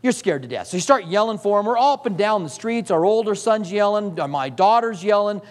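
The long reverb of a large hall surrounds this middle-aged pastor's high, fairly quick voice with its lively intonation. Preaching his sermon, he tells stories, laughs often, and voices the characters in them.

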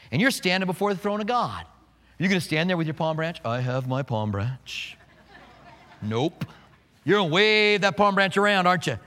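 A man preaching a sermon in an animated way, acting out the scenes he describes. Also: sits high, big-room sound. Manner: animated, acts out scenes with quoted voices. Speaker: pastor.

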